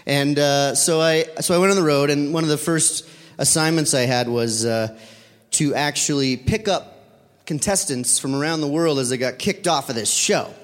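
A man's voice: on the high side, normal speed. A man telling a personal story to an audience, rambling and correcting himself with many fillers. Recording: long reverb of a hall.

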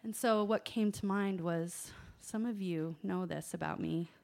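A woman telling a personal story to an audience, animated, swinging from hushed asides to loud exclamations. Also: on the low side, a little slow, gravelly. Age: adult parent.

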